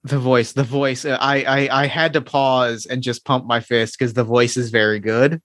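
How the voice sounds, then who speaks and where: A man hosting a tabletop game podcast, reading narration and chatting in a gushing, excitable way that trips over words. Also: mid-range voice, moderate pace, dry recording, clean studio sound. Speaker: game master and podcast host. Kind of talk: scripted narration and casual chat.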